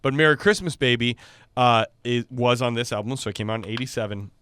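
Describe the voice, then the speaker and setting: A man's voice: mid-range voice, fairly quick, fairly bright tone, clear, resonant tone, no room sound. A man in his forties co-hosts a casual podcast chat, bubbling with enthusiasm as he talks up favorite songs. His voice sits in an ordinary middle register, recorded close and dry with no room sound. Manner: enthusiastic, gushing, chatty. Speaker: podcast co-host.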